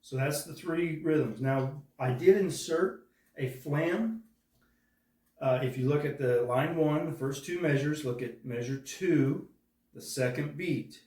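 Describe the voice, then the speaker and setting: A drum instructor patiently walks through a drum part step by step, counting the rhythms out loud. His fairly high voice is mellow and slow. The recording picks him up from a distance in an echoey room.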